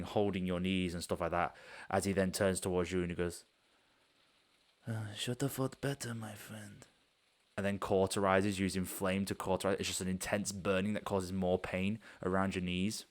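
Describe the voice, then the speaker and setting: Game master, man, very low voice, loose rambling narration. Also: fairly bright tone. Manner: rambling, loose, with many fillers.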